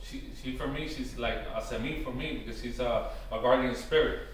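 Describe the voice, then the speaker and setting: Man, informal workshop talk, halting with lots of fillers, big echoey room, mic far off. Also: medium pitch, slight background noise. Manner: hesitant, full of "um" and "you know", often restarts; slows down to spell out words. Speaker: workshop presenter on Taíno tradition. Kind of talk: informal teaching talk to a live group.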